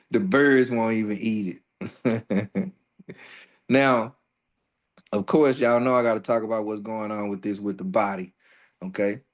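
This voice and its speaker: A man's voice: mid-range voice, unhurried. A man teaching an astrology workshop in a loose, profane, joking way. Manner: loose and profane, jokes and laughs between readings. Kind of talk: casual astrology workshop talk.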